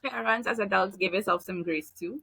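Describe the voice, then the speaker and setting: A woman in her thirties talks through parenting advice with a bright, forceful edge and plenty of vocal fry. She sounds dry and close. She is chatty and easygoing, and she slips into little acted-out lines as she goes. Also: mid-range voice, a little fast, dry recording, poor audio. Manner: relaxed, chatty, acts out example phrases. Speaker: behavioral analyst guest. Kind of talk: casual advice conversation.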